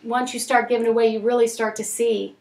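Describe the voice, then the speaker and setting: Leading a group of people in recovery through a parenting lesson in a meeting room, a woman speaks frankly and forcefully with frequent tag questions. She talks a little fast in a slightly high, creaky, darkish voice with little pitch movement, recorded on a distant mic.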